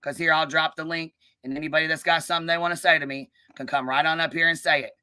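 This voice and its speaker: A woman hosting a live stream, ranting and calling people out in a combative, profanity-heavy way, with a notably low, bass-heavy voice. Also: fairly even intonation, quick pace, sharp tone, clear, resonant tone. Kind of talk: live-stream commentary rant.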